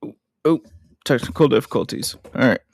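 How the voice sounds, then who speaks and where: A man's voice: mid-range voice, fairly quick, vocal fry, dry recording. A man hosting a casual film recap, chatty and self-deprecating with frequent asides.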